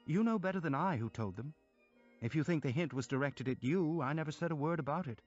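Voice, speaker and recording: A man voicing a gentle, calmly polite young prince in a storybook reading. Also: fairly high pitch, fast talker, muffled recording, faint music behind, voice pushed up.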